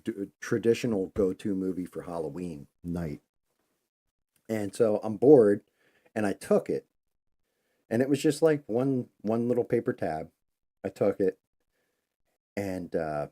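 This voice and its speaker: Deep-voiced man telling rambling stories. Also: warm tone. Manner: rambling, loose, conversational. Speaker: host. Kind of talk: casual live-stream storytelling.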